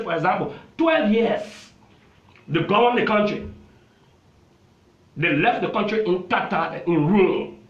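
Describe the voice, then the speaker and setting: This Liberian lawmaker, interviewed on television, hammers home a political argument with repeated emphasis. His voice is high with a fairly bright tone, heard through roomy, dull TV audio.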